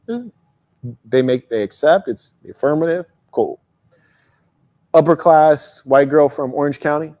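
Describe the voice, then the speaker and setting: A man hosting a casual motivational monologue, talking bluntly and profanely with animated storytelling. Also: on the high side, brisk. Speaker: host.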